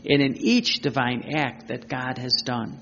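A man's voice: medium pitch, lively intonation, a little slow, a bit bright, a little hiss or hum. A man giving a devotional teaching talk, earnest, piling up lists and rhetorical questions. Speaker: preacher. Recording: dull lo-fi recording.

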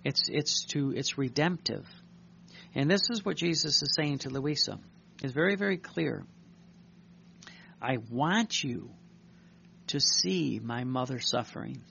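Gravelly-voiced man preaching a sermon. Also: medium pitch, animated, moderate pace, bright, forceful tone, a little hiss or hum. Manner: earnest, reflective preaching with frequent restarts. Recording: dull lo-fi recording.

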